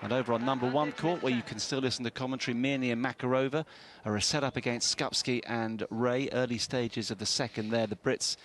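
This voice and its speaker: Man anchoring a tennis broadcast, mid-pitched, steady and informative, light outdoor hum behind. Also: a little fast, few pauses, a faint crowd. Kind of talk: live sports broadcast chat.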